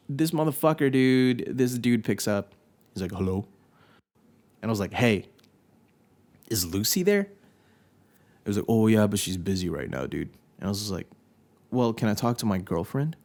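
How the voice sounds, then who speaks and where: A man's voice: low voice, creaky, darkish tone. A young man hosting a podcast, telling a personal story in a candid, confessional way, swearing often and breaking off his own sentences. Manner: candid, profane, confessional, with self-interruptions. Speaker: podcast host.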